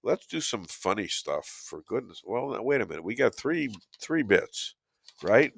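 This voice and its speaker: An older man hosting a talk show, hoarse from losing his voice, rambling and joking between filler pauses. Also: fairly low pitch, very animated, a bit bright, dry recording, studio quality. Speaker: show host. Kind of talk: casual talk show chat.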